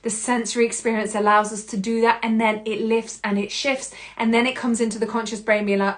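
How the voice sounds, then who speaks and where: Expressive woman giving a motivational monologue. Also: on the high side, a little fast, hardly any pauses. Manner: expressive, laughs often, acts out her own inner voice. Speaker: podcast host. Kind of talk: motivational self-help monologue.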